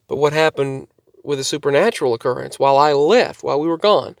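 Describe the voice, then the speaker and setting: A man's voice: on the high side, fast, creaky, no echo. A man telling a rambling story to camera for his channel, often repeating and restarting his sentences. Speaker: vlogger.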